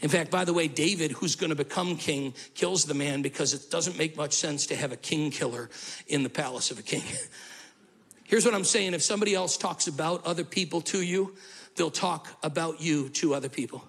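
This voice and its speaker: A male pastor preaching a sermon in an animated way, with humorous asides and acted-out quotes. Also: on the high side, normal speed, creaky, slightly rough.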